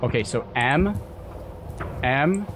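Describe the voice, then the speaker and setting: A man's voice: mid-range voice, lively intonation, takes it slowly, noisy background. A young man streaming a horror game, muttering to himself, then shrieking and cursing in panic. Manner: swings from mumbling to panicked shrieking and swearing. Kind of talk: gaming commentary. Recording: game music playing behind.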